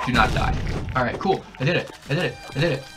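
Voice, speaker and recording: A young man hyped up on energy drinks, narrating his gameplay, yelling and cackling at every death and win. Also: mid-range voice, fast, music in the background. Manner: excitable, shouts and cackles at the game. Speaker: gaming channel host. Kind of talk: hyper gameplay commentary. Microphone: desk mic with a camera nearby.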